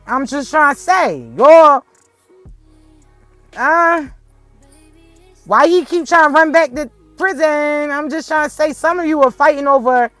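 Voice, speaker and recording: A woman's voice: sits high, a little slow, long pauses, fairly bright tone, no echo, soft background music. A woman giving a casual spiritual message to viewers, speaking bluntly and swearing freely. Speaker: spiritual reader.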